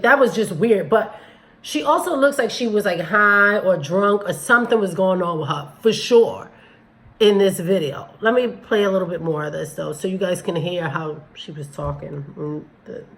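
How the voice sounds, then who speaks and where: A woman's voice: on the low side, normal speed, low-quality recording. A woman hosting a commentary channel, speaking bluntly and critically as she addresses her viewers. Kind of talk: casual commentary on a video.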